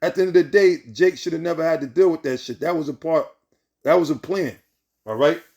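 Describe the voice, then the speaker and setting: Heated, profane man preaching in a higher voice. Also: a little fast, gravelly, darkish tone, dull audio. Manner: heated, profane, repeats himself, tags lines with "man" and "right?". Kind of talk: informal preaching with scripture reading.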